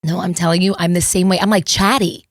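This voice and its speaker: A woman's voice: on the low side, fairly even intonation, fast, dry recording, studio quality. A young woman from New Jersey hosting a podcast, chatting casually and rambling, with many fillers and laughs. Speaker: podcast host.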